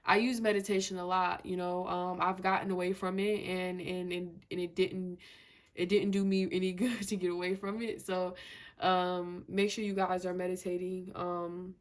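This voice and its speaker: Emphatic, flat-toned woman reading tarot. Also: on the low side, moderate pace. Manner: emphatic, repeats herself, slangy and conversational; fillers like "you know" and "like". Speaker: tarot reader. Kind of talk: casual tarot reading to camera.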